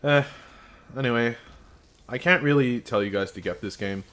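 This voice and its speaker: A man's voice: medium pitch, normal speed, fairly bright tone. A man giving a casual, frank video game review, with sarcastic asides and dry jokes.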